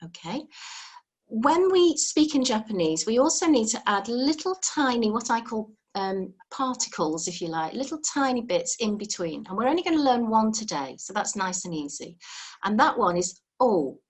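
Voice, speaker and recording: A woman's voice: a little high, very animated, moderate pace, husky. A woman teaching a live beginner language lesson over a video call, patient and encouraging, explaining step by step.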